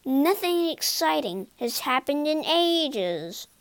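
A woman's voice: medium pitch, huge pitch swings, very slow, smooth, dry recording, heavily acted. Woman reading as an eager greedy ghost man, grumbling, keen. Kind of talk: storybook reading.

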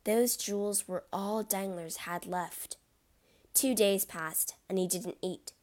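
Slow, dramatic woman narrating a storybook. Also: mid-range voice, fairly even intonation, darkish tone.

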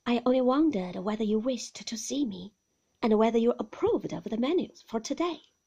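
A woman voicing a cold, formal housekeeper who speaks in a low, measured, half-whispered way in a storybook reading. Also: lively intonation, warm tone, breathy edge.

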